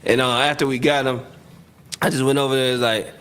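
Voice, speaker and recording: A man telling football stories in a casual interview, acting out quotes loudly and laughing often. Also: medium pitch, level tone, quick pace, clear, resonant tone. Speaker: retired football receiver, guest.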